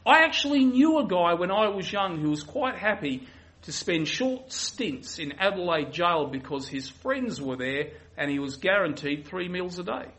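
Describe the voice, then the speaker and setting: A man's voice: high-pitched, expressive, normal speed, a bit bright. A man preaching a sermon, emphatic and given to repeating his key phrases.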